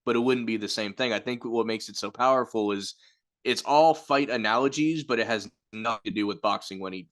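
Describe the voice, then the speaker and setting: A man's voice: on the low side, a bit bright. A man co-hosting a casual film discussion, reflective and explaining at length. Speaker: film review podcast co-host. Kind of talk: casual chat.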